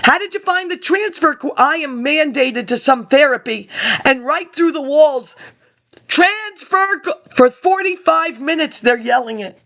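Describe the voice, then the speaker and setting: High-pitched, confrontational woman ranting. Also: lively intonation, measured pace, creaky, a bit bright. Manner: confrontational, accusing, jumps between topics. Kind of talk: rambling political rant to an absent audience.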